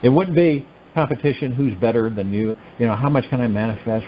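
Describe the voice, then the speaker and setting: A man hosting a meditation call, giving a spiritual teaching talk in an animated, musing way full of rhetorical questions. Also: mid-range voice, fairly quick, hardly any pauses, dull audio, a little hiss or hum. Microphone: telephone conference line.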